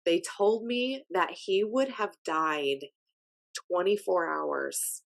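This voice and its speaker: A woman hosting a podcast, telling a personal story in a casual, animated and emphatic way. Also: lowish voice, takes it slowly, creaky. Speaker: podcast host.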